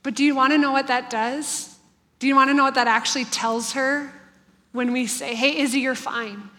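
A woman's voice: sits high, steady tone, normal speed, sharp tone. A woman in her thirties giving an earnest, heartfelt devotional talk to a congregation about family life. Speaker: church speaker on family life. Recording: long hall reverb.

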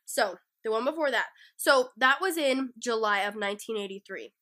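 Sick woman guest with a cough, a slightly high voice, and a loose, rambling true-crime retelling. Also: expressive, normal speed, bright, forceful tone. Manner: rambling, filler-heavy retelling. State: sick, coughing between lines. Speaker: guest storyteller. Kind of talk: casual true-crime podcast chat.

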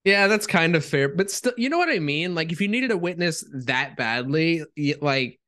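Dude guesting on a movie podcast, kinda high voice, blunt and sweary. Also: male voice, very animated, moderate pace, pushed and bright. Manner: blunt, profane, incredulous. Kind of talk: casual movie review chat.

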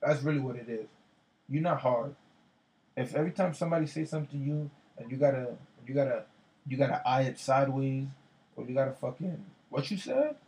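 A man's voice: medium pitch, fairly even intonation, fairly quick, darkish tone, poor audio. A man in casual chat, retelling an argument with lots of slang and profanity, repeating himself as he goes. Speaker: storyteller in a casual conversation.

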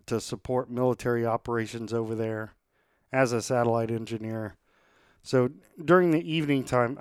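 Recorded dry with studio quality, this podcast host is a man from the United States whose mid-range voice is smooth. Between sponsor reads and relaxed interview talk, he stays rallying and upbeat, speaking plainly and using fillers.

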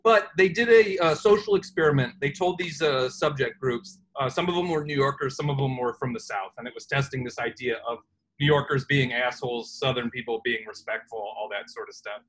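A man's voice: mid-range voice, brisk, a bit bright, a little hiss or hum, rough recording. A man in casual conversation, explaining a study at length with many fillers. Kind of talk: casual chat.

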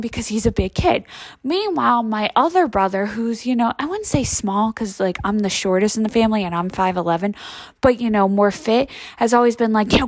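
A woman's voice: a little high, fairly quick, no echo. A woman in her thirties chatting casually and rambling, swearing freely and filling her talk with "like" and "you know.". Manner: rambling, profane, heavy use of "like" and "you know". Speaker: vlogger.

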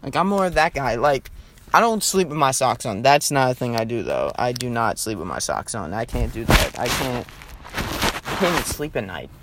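A teenage man talks his way through a loose solo podcast from inside a parked car. He rambles, jokes and swears, leaning on "like" constantly, in a mid-pitched voice. Faint street and traffic noise sits behind him. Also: sing-song, normal speed. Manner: rambling, joking, lots of "like" and swearing. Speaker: podcast host.

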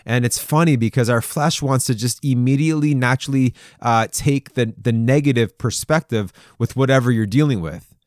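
A man's voice: mid-range voice, moderate pace, a little mellow, dry recording, clean studio sound. A man hosting a devotional podcast, telling stories in a chatty way and laughing often. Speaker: podcast host.

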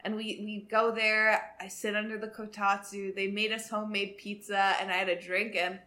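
A woman in her twenties co-hosting a podcast in casual chat, animated and swearing freely. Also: mid-range voice, moderate pace. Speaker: podcast co-host.

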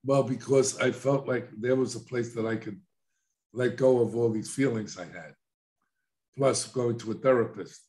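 A man's voice: mid-range voice, moderate pace, darkish tone. An older man, an addiction counselor, speaking plainly in a casual interview and telling stories with quoted dialogue.

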